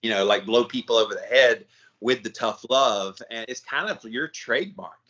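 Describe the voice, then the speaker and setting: A man co-hosting a podcast in casual chat, telling stories in an animated way. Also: medium pitch, normal speed, lo-fi sound. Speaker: podcast co-host.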